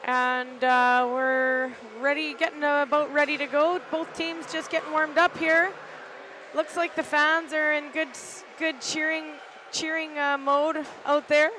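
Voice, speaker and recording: A middle-aged woman, a team parent, giving relaxed, chatty play-by-play from an arena balcony, with fillers and hesitations. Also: high-pitched, measured pace, slight background noise. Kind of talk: amateur live sports commentary. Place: arena balcony overlooking ice rink.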